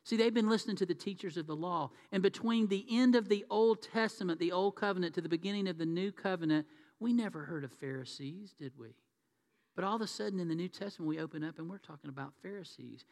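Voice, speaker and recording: A man's voice: high-pitched, fast, creaky, darkish tone. A male pastor preaching a sermon in a conversational way, asking his congregation rhetorical questions. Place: church sanctuary. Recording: long hall reverb.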